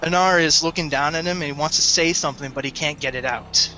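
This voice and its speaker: A man narrating a tabletop game as game master in a descriptive, halting way. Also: fairly high pitch, bright, forceful tone, dull audio, faint music behind.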